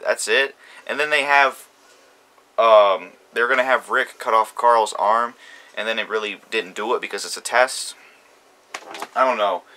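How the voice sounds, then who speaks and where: A man's voice: lowish voice, a little slow, pauses often, bright, forceful tone. A man ranting about a TV show premiere, heated, profane and repeating himself. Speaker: YouTube commentator. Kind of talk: ranting TV reaction.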